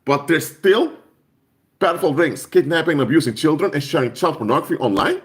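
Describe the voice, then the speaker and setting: A man's voice: on the high side, animated, brisk. Emphatic man preaching on a live stream. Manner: emphatic, repeats key phrases for force.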